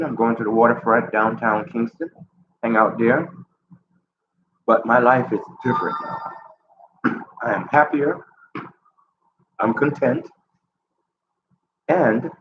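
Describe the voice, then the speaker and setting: A middle-aged man from Jamaica, raised in Chicago, talking in a relaxed, rambling way in a casual vlog, repeating his phrases. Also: medium pitch. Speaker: vlogger. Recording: echoey, dull, noisy ambience.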